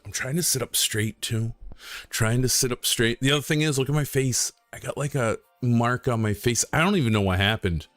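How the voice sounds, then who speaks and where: A young man streaming a game from home, chatting casually in a rambling, joking way with deadpan asides. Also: mid-range voice, brisk, no echo, soft background music. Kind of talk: casual live-stream chat.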